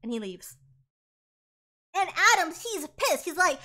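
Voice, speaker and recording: A chatty, playful woman streamer retells a musical's plot. Her voice is very high and bright. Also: big pitch swings, moderate pace. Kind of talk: singing along and retelling a musical.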